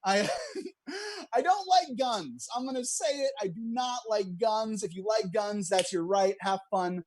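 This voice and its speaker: At home and streaming online, a young man performs a stand-up set over a video call, poking fun at himself and laughing at his own jokes. His voice sits high with lively intonation, a measured pace and a slightly mellow quality, over slight background noise.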